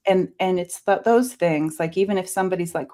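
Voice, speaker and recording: A woman in a casual co-hosted talk musing about spiritual growth, hesitant and full of fillers, clearing her throat now and then. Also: lowish voice, a little fast. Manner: soft-spoken, musing, many fillers. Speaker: co-host.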